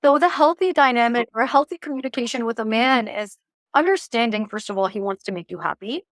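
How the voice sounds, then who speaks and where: Lively woman coach, slightly high voice. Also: fairly quick, no room sound, clean studio sound. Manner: lively, acts out quoted lines; lighthearted and playful. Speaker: relationship coach guest. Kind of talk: casual interview advice.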